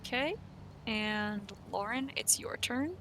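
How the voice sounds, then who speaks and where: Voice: medium pitch, slow pace, sharp tone, a little hiss or hum. A game master running a tabletop game with short, matter-of-fact rulings.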